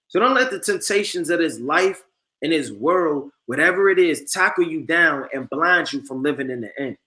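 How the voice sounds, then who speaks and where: Male street preacher, high bright voice, emphatic and repetitive. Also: animated. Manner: emphatic, repeats "man" and "you understand"; reads scripture slowly and forcefully. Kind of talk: street-style sermon.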